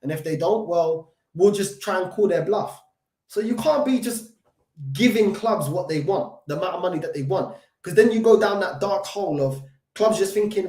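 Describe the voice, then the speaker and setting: A London man hosting a football fan channel, chatting casually with his live chat, slangy and animated, still short of breath from covid. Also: high-pitched, normal speed, roomy sound.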